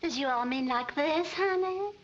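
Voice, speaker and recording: An actress playing a scheming swindler who puts on a breathy, coquettish Southern accent, in a 1940s film comedy. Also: female voice, high voice, normal speed, a little hiss or hum, lightly acted. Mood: coy. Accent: put-on American Southern. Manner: breathy, coquettish, melodramatic pleading. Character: scheming female swindler feigning a swooning southern belle. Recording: dull 1940s film soundtrack.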